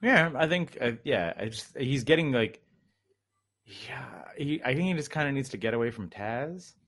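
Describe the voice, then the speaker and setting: A man's voice: medium pitch, lively intonation, normal speed, fairly bright tone. A man telling a long story in casual chat, rambling with lots of fillers.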